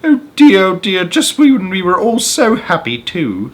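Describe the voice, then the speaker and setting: A man voicing a fretful female ladybug who wails in a high voice in a storybook reading. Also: wildly swooping pitch, a little slow, full character voice. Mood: distressed.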